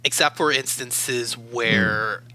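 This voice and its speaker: A man from Baltimore, a university academic adviser, telling personal stories as an interview guest in a measured, thoughtful way. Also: mid-range voice, bright, forceful tone, rough recording. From Baltimore, USA. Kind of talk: reflective interview storytelling.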